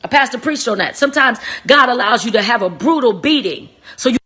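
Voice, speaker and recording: A young woman hosting a live-stream relationship talk, preachy and emphatic, repeating phrases and swinging from soft to shouting. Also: a little high, animated, a little fast, slightly rough.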